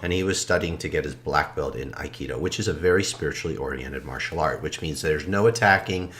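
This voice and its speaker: A man co-hosting a podcast, calmly and reflectively telling a story in casual conversation, often trailing off soft and low. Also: a little fast, a little hiss or hum. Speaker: podcast co-host.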